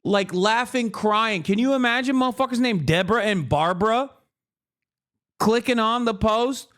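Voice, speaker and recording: A man live streaming, reacting to the news in an animated, profane, sarcastic rant with mocking impressions. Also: high-pitched, normal speed. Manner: mocking impressions of other people.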